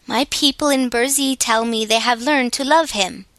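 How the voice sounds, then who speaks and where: A woman voicing the calm, fond male king of a fairy people in a storybook reading. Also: very high voice, moderate pace, dry recording, heavily acted.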